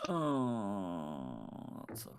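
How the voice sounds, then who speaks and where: A man's voice: low-pitched, huge pitch swings, extremely slow, creaky, a little hiss or hum. A man playing a tabletop game, laughing often and swearing casually. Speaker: player.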